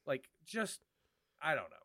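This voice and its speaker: A man's voice: fairly high pitch, wildly swooping pitch, sharp tone, dry recording, clean studio sound. A man co-hosting a casual podcast, joking and profane. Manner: joking, profane, quick to laugh. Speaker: podcast co-host.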